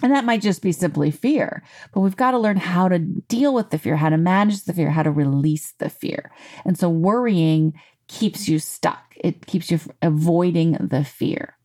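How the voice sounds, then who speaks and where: A woman giving a casual motivational talk in a lively, conversational way, full of "you know" and "like". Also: on the low side, normal speed. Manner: animated, conversational, acts out quotes; frequent fillers like "you know" and "like". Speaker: self-help speaker.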